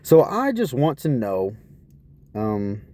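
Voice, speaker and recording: A man's voice: mid-range voice, wildly swooping pitch, takes it slowly, background noise. A man telling a rambling personal story in an aggrieved, profane way, asking again and again what is wrong with people. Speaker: vlogger.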